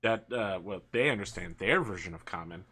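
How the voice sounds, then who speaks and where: A young adult man narrating a tabletop game as game master, slowing down for dramatic moments. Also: sits low, expressive, bright, forceful tone.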